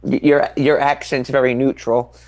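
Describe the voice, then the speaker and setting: A man's voice: medium pitch, flat delivery, moderate pace, darkish tone, no room sound, lo-fi sound. A man hosting a podcast, moving from casual chat into emphatic political commentary and repeating his points for effect. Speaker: podcast host.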